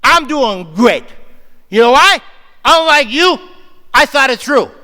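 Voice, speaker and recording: Loud shop teacher voice from a man, insistent repeated calls, high and bright, long hall echo. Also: big pitch swings, slow, a little hiss or hum, heavily acted. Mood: teasing. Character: booming old-school male high school shop teacher, pushy and upbeat. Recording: long reverb of a big hall.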